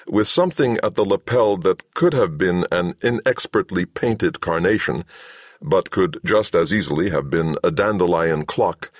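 A man's voice: deep voice, no room sound. A man narrating an audiobook in a dry, wry storytelling manner. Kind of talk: scripted narration. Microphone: close studio mic.

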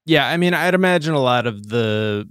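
A man's voice: medium pitch, animated, normal speed, fairly bright tone, smooth, no room sound, clean studio sound. A male podcast host in casual chat, thinking aloud in a searching, hesitant way with many fillers.

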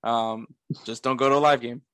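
Speaking at a normal speed with a mid-range, slightly bright and clean voice, a man hosts a laid-back sports podcast. His intonation stays fairly even, and he laughs a lot and mocks himself. The studio sound is clean, with no room sound.

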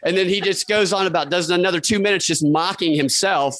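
A man's voice: sits high, brisk, fairly bright tone, rough recording. A man co-hosting a podcast, telling a story in a rambling, casual way and swearing freely. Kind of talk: casual chat.

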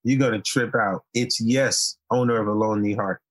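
A man from Haiti, a guest in a casual interview, telling stories in a relaxed, playful way and laughing often. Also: lowish voice, normal speed, dry recording.

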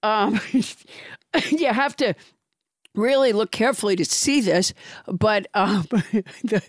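A woman co-hosting a casual podcast, talking about a film in a halting way with many restarts. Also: mid-range voice, dry recording, studio quality. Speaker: podcast co-host. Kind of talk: casual movie discussion.

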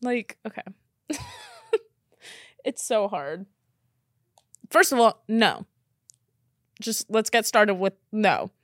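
A woman hosting a podcast in casual reaction chat, blunt and expressive, swearing casually. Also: mid-range voice, takes it slowly, long pauses, dry recording, studio quality. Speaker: podcast host.

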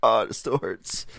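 A man's voice: mid-range voice, vocal fry, dry recording, clean studio sound. A man co-hosting a casual comedic chat, laughing often and slipping into put-on regional voices.

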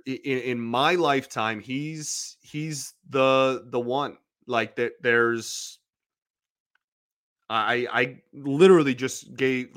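A man's voice: medium pitch, a bit bright, dry recording, clean studio sound. Emotional rambling male podcast host. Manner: emotional, rambling, frequent restarts. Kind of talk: casual sports podcast monologue.

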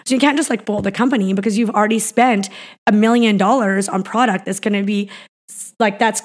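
A woman's voice: mid-range voice, steady tone, brisk. A woman from Canada talking as a business founder in a casual interview, rambling with lots of fillers and restarts.

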